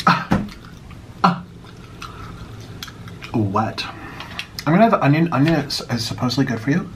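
An American man talks casually at a table while eating, his voice rising and falling in lively, theatrical swings. He sounds slightly out of breath and plays up mock outrage. A faint hum sits behind him. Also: mid-range voice, a little slow, pauses often. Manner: animated, dramatic mock outrage. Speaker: YouTuber eating on camera. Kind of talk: casual mukbang vlog chat.

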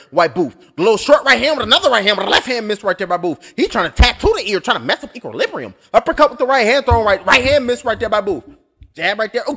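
A man calling a boxing fight blow by blow, loud and excitable, cursing freely and joking between punches. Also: high voice. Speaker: boxing commentator. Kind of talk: live blow-by-blow commentary.

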